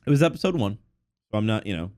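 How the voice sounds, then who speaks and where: A man co-hosting an anime podcast in casual chat, congested from allergies, animated and quick to swear and laugh. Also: lowish voice. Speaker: podcast co-host.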